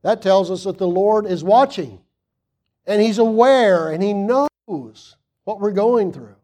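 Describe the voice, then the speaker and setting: A man preaching a sermon, reading scripture aloud and asking the congregation questions, swinging from loud emphasis to hushed asides. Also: sits high, slow pace.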